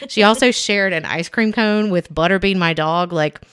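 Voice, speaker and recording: With a fairly low, slightly bright, smooth voice at normal speed, a young adult woman co-hosts a podcast, chatting casually and storytelling through lots of fillers and restarts.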